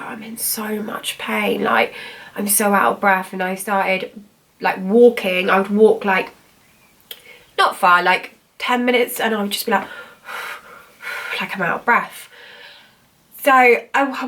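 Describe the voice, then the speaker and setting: A woman's voice: medium pitch, a bit bright, far from the mic. A woman, telling her own story in a rambling, chatty way, full of "like" and "I was like". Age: 20s. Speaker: vlogger. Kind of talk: casual personal storytelling.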